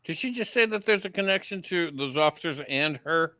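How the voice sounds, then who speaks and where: Male co-host, bright edge in his voice, quick to mock, casual commentary. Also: fairly high pitch, animated. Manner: joking, mocking. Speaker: co-host reacting to a clip.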